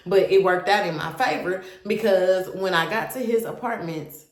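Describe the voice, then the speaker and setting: A woman's voice: on the low side, fairly bright tone. A young woman animatedly telling her own story to viewers, candid and swearing freely. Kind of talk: casual storytime monologue. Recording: roomy echo.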